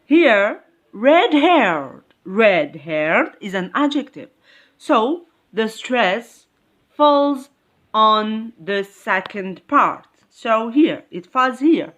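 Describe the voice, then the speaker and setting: Female English teacher, unhurried and animated, drills rules by repetition. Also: on the high side. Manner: slow, repetitive, emphatic explaining. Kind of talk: classroom grammar lesson.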